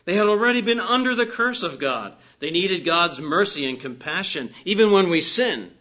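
A man delivers a sermon in an earnest, emphatic way, his voice rising on key phrases and falling quiet at the ends of sentences. His voice is bright and forceful and sits a little high. The recording is dull and lo-fi. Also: expressive, normal speed. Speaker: preacher.

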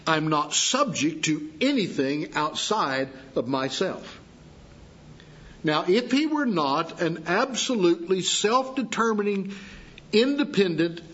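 A man preaching a sermon, teaching slowly and deliberately with pauses for emphasis. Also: a little high, breathy edge. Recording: dull lo-fi sound.

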